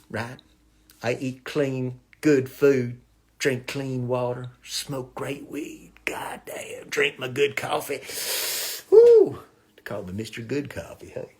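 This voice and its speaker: Brash male comic, husky voice, quick talker, whoops and laughs into a webcam. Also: medium pitch. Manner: fast, swaggering and crude, with whoops and laughs. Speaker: comedian doing a live stream. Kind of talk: rambling comic monologue. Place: small home studio. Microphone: phone or webcam on a live stream.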